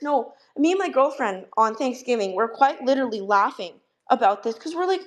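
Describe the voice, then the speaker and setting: A woman's voice: fairly high pitch, lively intonation, brisk, hardly any pauses. A woman giving a heated, profanity-laced callout rant as an online commentator, exasperated and blunt.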